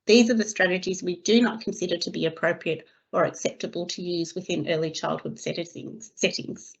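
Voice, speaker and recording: A woman giving a scripted training webinar for early childhood educators, reading her slides in a steady, measured way. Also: on the low side, gravelly. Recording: slightly dull lo-fi recording.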